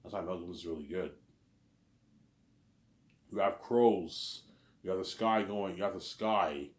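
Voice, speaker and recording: Low-voiced rambling man, echoey room. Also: measured pace. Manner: rambling and repetitive, restarts phrases. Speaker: vlogger. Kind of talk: casual rambling monologue.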